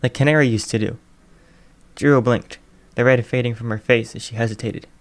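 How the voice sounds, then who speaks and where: Man calmly reading a story aloud. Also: medium pitch, a little fast. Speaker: fan fiction reader. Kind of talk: audiobook narration.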